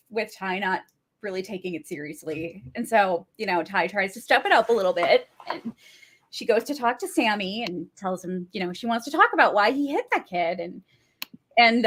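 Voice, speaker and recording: Woman cohost narrating an episode recap, mid pitch, giggles a lot, trips over words a bit. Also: lively intonation, normal speed. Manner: narrates plot in detail, laughs often, hesitant restarts. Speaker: podcast co-host. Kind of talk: casual TV recap chat.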